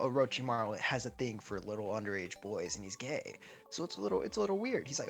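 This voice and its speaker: A man's voice: medium pitch, expressive, brisk, creaky, soft background music. A man casually narrating a fan what-if story, rambling and swearing freely as he goes. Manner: rambling, profane, offhand. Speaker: YouTube storyteller.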